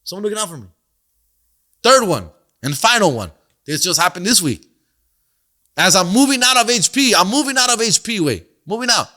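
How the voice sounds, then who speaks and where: A middle-aged man tells a story on his podcast, cursing freely and dropping slang and Spanish phrases. His voice sits a little high for a man and sounds bright and forceful. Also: very animated, moderate pace. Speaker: podcast host and comedian. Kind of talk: casual storytelling monologue.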